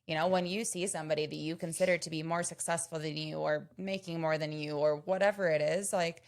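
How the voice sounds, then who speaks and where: A woman with a gravelly, creaky edge and a fairly low voice gives encouraging advice as a podcast co-host. She speaks in relaxed, casual chat. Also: brisk.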